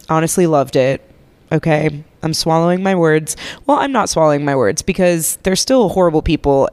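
Host, young adult woman, stuffy and nasal from a cold, chatty and self-mocking, smooth tone, dry close mic. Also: lowish voice, a little mellow, no echo. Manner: rambling, chatty, swears casually, self-mocking. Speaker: podcast host. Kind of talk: casual solo podcast chat. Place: living room couch, lying under a blanket. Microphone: podcast microphone held while lying down.

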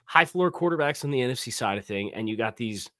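Man, podcast co-host, casual sports chat, lively up-and-down voice, dry close sound. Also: mid-range voice, no room sound. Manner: lively, quick restarts and self-corrections.

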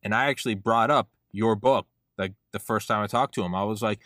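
A man with a low-pitched voice hosts a casual podcast interview. He rambles excitably and leans on "like" constantly. The sound is dry and close, with almost no room echo. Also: a little fast. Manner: rambling, excitable, heavy use of "like". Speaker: podcast host.

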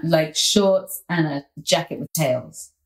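Relaxed woman, lowish voice, echoey room. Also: takes it slowly. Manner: playful, animated storytelling. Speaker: interview guest. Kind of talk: casual interview chat.

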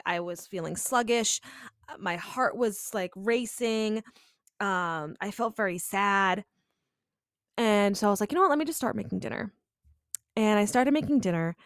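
A young woman in a dry, close recording shares a personal story as a podcast host. She talks in a chatty, confessional way, filling her sentences with "like" and "you know." Her voice sits at an ordinary middle pitch. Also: no room sound.

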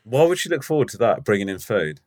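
A man's voice: lowish voice, sing-song, fast talker, darkish tone. A young man co-hosting a podcast in casual chat, sardonic and mock-disgusted, with a lot of swearing. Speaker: podcast co-host.

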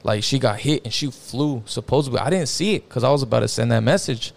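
A young man recounts a personal story in loose, casual chat, his voice heavily gravelly with a deep vocal fry. His talk is slangy and full of swearing, with "bro" and "like" dropped in constantly. His pitch sits at an everyday middle level. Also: quick pace. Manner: slangy, profane, peppered with "bro" and "like". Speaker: guest telling a personal story.

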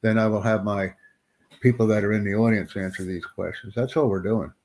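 A man hosting a live-streamed English interview lesson, who speaks slowly and deliberately and sternly corrects a student. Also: lowish voice, fairly even intonation, a little mellow, slight background noise.

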